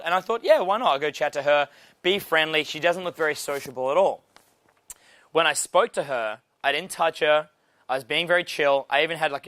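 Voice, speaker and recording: Brash Australian man with a bright voice. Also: on the high side, dry recording. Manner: brash, swearing, animated storytelling. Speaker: dating coach. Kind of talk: casual instructional talk.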